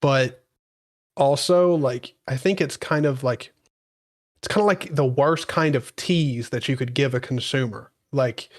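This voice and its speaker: A man's voice: medium pitch, a little slow, dry recording, clean studio sound. Easygoing male podcast co-host. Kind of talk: casual tech chat.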